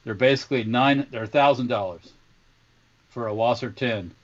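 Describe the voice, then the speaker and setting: A man's voice: mid-range voice, normal speed. A man co-hosting a casual podcast, rambling and sarcastic, often restarting his phrases. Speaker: podcast co-host who works in a gun shop. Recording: muffled lo-fi remote audio.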